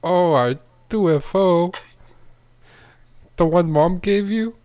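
A man's voice: high-pitched, slow, darkish tone, no echo. A man improvising a laid-back alien with a put-on Jamaican accent, tacking "man" onto his lines. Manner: drawling, ends lines with "man". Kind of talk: comedic improv role-play.

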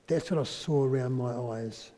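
A man preaching a sermon, telling a personal story and dropping to a soft, quiet voice at emotional moments. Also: mid-range voice, moderate pace. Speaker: pastor. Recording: long reverb in a large hall.

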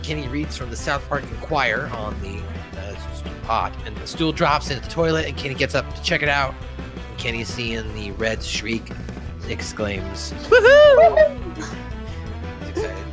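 A man casually recapping a cartoon episode, laughing and acting out lines from it. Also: medium pitch. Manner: animated, laughing, acts out character lines. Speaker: podcast host.

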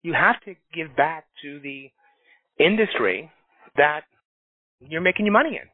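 A man's voice: fairly high pitch, measured pace, dry recording. A middle-aged man from New York who works as a recruiter, telling stories in a casual chat and acting out the people he quotes. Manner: animated storyteller acting out quotes. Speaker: staffing recruiter, association leader. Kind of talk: casual podcast conversation. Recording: tinny phone-like dry sound.

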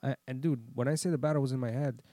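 Animated, foul-mouthed man telling stories. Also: mid-range voice, very fast, no echo, clean studio sound. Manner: swears a lot, animated storyteller. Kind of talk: casual podcast chat.

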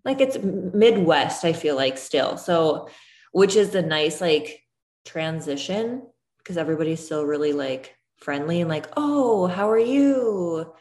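A woman's voice: sits low, measured pace, darkish tone. A woman in her thirties chatting casually, full of "like" fillers. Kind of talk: casual chat. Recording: roomy echo.

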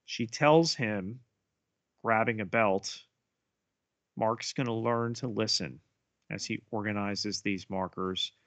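A man co-hosting a podcast, retelling a TV episode scene by scene in a measured way. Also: lowish voice, fairly bright tone, no room sound. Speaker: podcast co-host. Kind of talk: episode recap narration.

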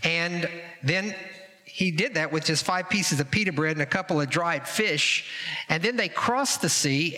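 Bright-voiced pastor preaching in a hall. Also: male voice. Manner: animated, acts out quoted voices with rising pitch. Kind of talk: sermon. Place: church sanctuary. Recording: reverberant hall.

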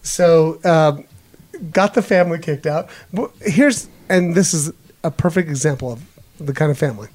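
A man chatting on a podcast, telling rambling, profane stories and acting out quotes loudly. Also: a little high, moderate pace. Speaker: podcast co-host. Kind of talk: casual profane chat.

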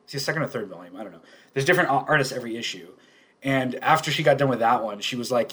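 A man co-hosting a podcast in casual chat, animated and laughing often. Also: medium pitch, racing, slightly rough. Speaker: podcast co-host.

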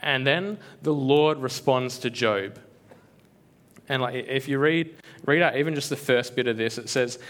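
A man at a mid-range pitch gives a laid-back devotional talk. He speaks earnestly but loosely, leaning on fillers, repeats and restarts as he works through his point. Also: unhurried, a bit bright. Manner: conversational, filler-heavy, earnest, with frequent repeats. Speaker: preacher.

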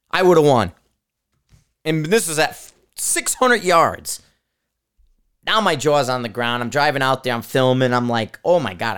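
Podcast host, man, smooth clear voice, excitable rambling storyteller who swears a lot. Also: on the high side. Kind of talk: casual talk about shooting.

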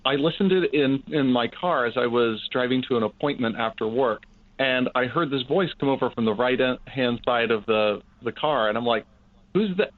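A man's voice: mid-range voice, normal speed, no room sound. A man chatting enthusiastically as a podcast co-host, joking in geeky banter. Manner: enthusiastic, jokey geek banter. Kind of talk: casual podcast chat. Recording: tinny phone-like line, dry.

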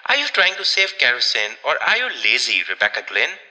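A man reading aloud, voicing a stern, peremptory woman who scolds briskly. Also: medium pitch, wildly swooping pitch, bright, forceful tone, big-room sound, voice pushed down, full character voice, low-quality recording. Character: stern peremptory middle-aged woman, sewing.

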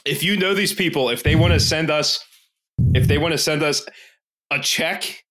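A man's voice: fairly high pitch, normal speed, fairly bright tone. A man co-hosting a casual podcast, ranting with a lot of swearing and reading reviews aloud. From Philadelphia area. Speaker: podcast co-host.

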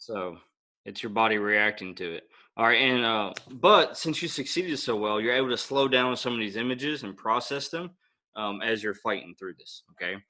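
Guy running a tabletop game, laid back, lotsa ums, lowish bright voice. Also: moderate pace. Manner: relaxed, explains rules with fillers. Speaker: game master.

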